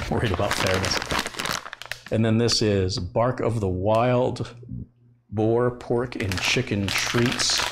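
A man's voice: lowish voice, heavy background noise. Chatty man talking to his dogs. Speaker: tech channel host. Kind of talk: casual live-stream chat. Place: home room.

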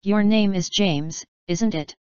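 A woman's voice: medium pitch, takes it slowly, smooth, dry recording, dull audio, close to an everyday voice. A woman doing a boastful rascal centipede. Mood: gleeful boasting. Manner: loud, crowing, teasing.

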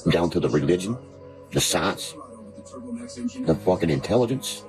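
A man's voice: sits low, expressive, unhurried, rough recording. A man from Virginia, rambling in casual chat, cursing freely and spinning conspiracy talk. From West Virginia. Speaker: guest. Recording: background music playing.

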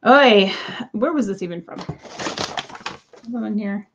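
A woman's voice: medium pitch, takes it slowly, lo-fi sound, background noise. A woman in her thirties chatting casually to viewers while unboxing crystals, exasperated and talkative. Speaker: crystal seller.

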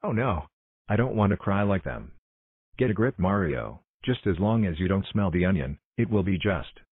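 Low-voiced man calling cuts excitedly. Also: breathy edge, dry recording, narrow, tinny audio. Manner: exclamatory, hurried, calling cuts and takes. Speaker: creator directing a logo blooper video. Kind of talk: scripted fan cartoon narration.

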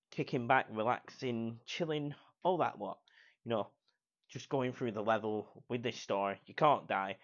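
A man's voice: mid-range voice, a bit bright. A man giving a casual, enthusiastic film review, piling on praise and repeating words. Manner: enthusiastic, repeats praise words, quotes scenes in put-on voices. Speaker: movie reviewer. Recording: dull lo-fi recording.

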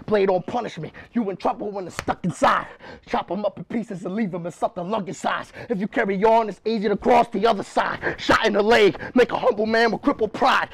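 A man performing an aggressive battle rap at a live event, shouting his punchlines. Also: high voice, vocal fry, breathy edge. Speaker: battle rapper.

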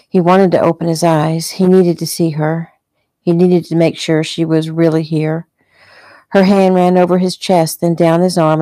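A woman author reading her own novel aloud in a casual, unhurried and intimate way. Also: deep voice, dark tone, no room sound. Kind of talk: casual audiobook narration.

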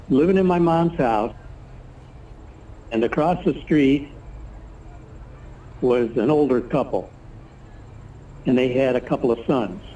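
A man's voice: medium pitch, dark tone. A man in his seventies, a retired engineer, telling rambling stories in a casual interview and acting out what others said. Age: 70s. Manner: rambling anecdotal storyteller, acts out others' lines. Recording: distant mic with background noise, poor quality.

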